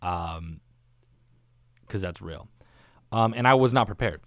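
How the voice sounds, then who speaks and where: A man talks on his own podcast in a loose, rambling way, full of slang and jokes at his own expense. His voice sits a little low. The sound is dry and close to the microphone, with no room around it. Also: takes it slowly, a bit bright, dry recording. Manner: rambling, self-mocking, slangy. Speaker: podcast host. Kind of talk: casual solo podcast monologue. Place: recorded alone, not live. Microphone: studio microphone.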